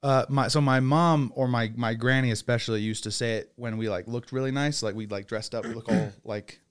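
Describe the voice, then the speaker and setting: A man's voice: medium pitch, a little fast, smooth. A young man raised in England who speaks with an American accent, chatting as a podcast guest and laughing often. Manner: animated storyteller, laughs often. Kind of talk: casual chat.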